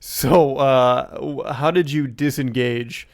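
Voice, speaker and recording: A man's voice: medium pitch, takes it slowly, creaky. A man co-hosting a podcast in casual chat, teasing and asking wry follow-up questions. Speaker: podcast co-host.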